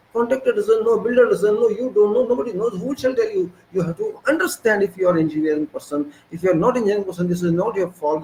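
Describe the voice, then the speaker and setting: A man's voice: sits high, a little mellow, slight background noise, rough recording. A man lecturing on building construction. He is emphatic and scolds his listeners with rhetorical questions. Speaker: engineering instructor.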